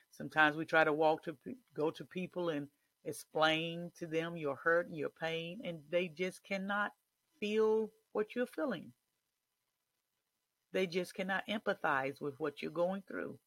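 Male preacher, slightly high voice, dry recording, swells to shouts. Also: vocal fry, no room sound. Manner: rising to shouted declarations. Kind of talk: sermon.

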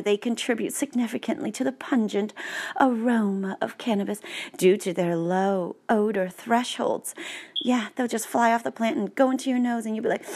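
Playful, sarcastic woman reading aloud. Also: medium pitch. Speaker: vlogger. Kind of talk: joking read-aloud commentary.

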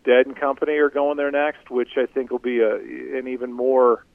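A man's voice: mid-range voice, level tone, gravelly, dry recording. Middle-aged man on a tinny remote line. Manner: self-deprecating, halting with repeated restarts. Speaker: guest. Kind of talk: casual interview storytelling.

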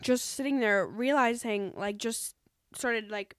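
A young woman talks in an earnest, rambling way, with many "like"s, in relaxed casual chat. Her voice is smooth and clear and a little high. The sound is dry and close. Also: a little slow, no room sound.

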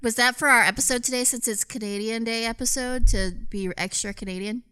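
A woman's voice: fairly high pitch, steady tone, fairly quick, bright, forceful tone, clean tone. A woman co-hosting a podcast in casual chat, playful and teasing, laughing often. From United States. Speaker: podcast co-host.

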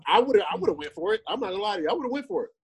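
A man co-hosting a sports podcast in casual chat, teasing his partner and quick to laugh and agree. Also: high voice, very animated, slightly rough, rough recording. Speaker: podcast co-host.

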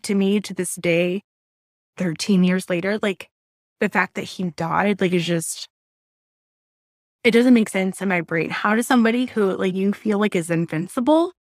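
A woman in her thirties from Southwest Florida shares a deep loss as a podcast guest. She talks candidly, her emotion rising through halting restarts and blunt words. The sound is dry and close, with no room echo. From Southwest Florida, USA. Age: 30s. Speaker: interview guest. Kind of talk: personal storytelling in a podcast interview.

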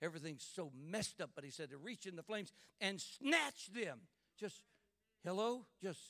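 High-voiced fervent male preacher. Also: expressive, moderate pace, vocal fry, dry recording. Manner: fervent, builds to shouts, calls "Hello?" to the congregation. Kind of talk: sermon. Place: church.

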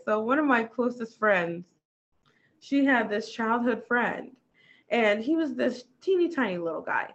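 A woman's voice: a little high, animated, measured pace, fairly bright tone, muffled recording. A young woman co-hosting a podcast, chatting casually, laughing often and swearing freely. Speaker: podcast co-host. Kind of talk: casual chat.

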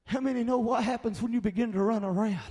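High-pitched fiery Southern Appalachian preacher. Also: male voice, fast talker. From American South. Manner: fiery preaching that swells into shouts, with frequent call-outs of "Amen" and "Hello". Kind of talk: sermon.

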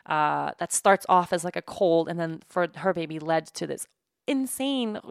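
A woman in her thirties hosting a podcast, talking candidly and emotionally in a halting way, tired from sleepless nights. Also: mid-range voice, gravelly, no room sound, studio quality. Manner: halting, emotional, many restarts and "like". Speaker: podcast host. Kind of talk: candid personal monologue.

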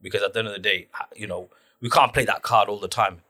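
A man's voice: lowish voice, fast talker. A man telling stories animatedly in a casual podcast chat, full of slang. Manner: animated storyteller, loose slang, acts out quotes.

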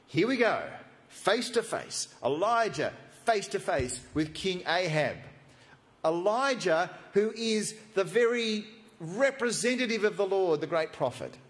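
A man preaching a sermon, animated and jokey, acting out the story. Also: high voice, measured pace. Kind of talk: expository sermon.

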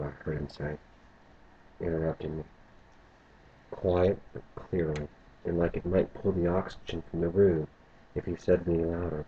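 A man narrating a first-person story in a low, subdued way, on a muffled lo-fi recording. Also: little pitch movement, normal speed, long pauses, warm tone, a little hiss or hum.

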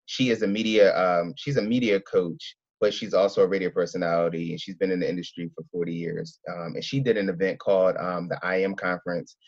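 A man from Philadelphia, an event organizer, telling his story in a casual interview, rambling and excitable with many restarts. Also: sits low, a little fast, creaky, few pauses, no echo, muffled recording.

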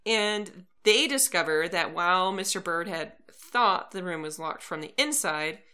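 A woman's voice: on the low side, expressive, unhurried, bright, forceful tone. A woman co-hosting a podcast, recapping a plot from her notes with a dry, wry humor. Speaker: podcast co-host.

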